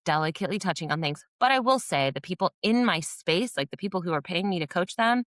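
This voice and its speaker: A woman's voice: on the low side, expressive, quick pace, a bit bright, no echo, studio quality. A woman behavior coach giving a podcast interview, speaking candidly and animatedly, often acting out what she tells teachers. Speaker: behavior coach and former dean of students.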